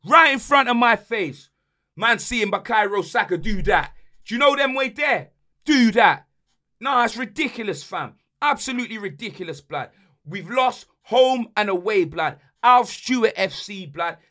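A man's voice: high-pitched, lively intonation, a little slow, pushed and bright. A young man hosting a football podcast, ranting angrily about his team's loss in heavy slang. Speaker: podcast host and football fan. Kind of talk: heated fan rant.

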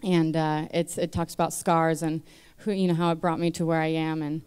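Young woman, 20s, church testimony; smooth clear tone, nervous and chatty, lots of fillers. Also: deep voice, little pitch movement, moderate pace, a little mellow. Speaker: church member giving testimony. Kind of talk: personal testimony. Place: church stage.

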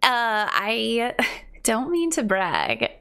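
A woman's voice: fairly high pitch, huge pitch swings, very slow, vocal fry, a bit bright, clean tone. A woman hosting a casual gaming video, chatting with dry, self-deprecating humor. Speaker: streamer and channel host.

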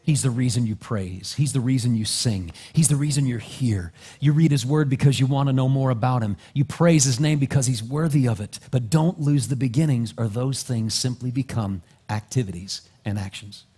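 Husky pastor preaching. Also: male voice, normal speed, hardly any pauses. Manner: swings from soft, low asides to loud, rising exhortation. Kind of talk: sermon. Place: church sanctuary.

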